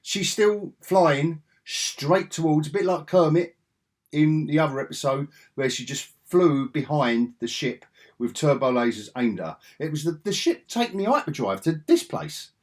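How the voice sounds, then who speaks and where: A man's voice: fairly high pitch, expressive, moderate pace. A man giving a rambling, sarcastic spoken review, chuckling often as he retells scenes.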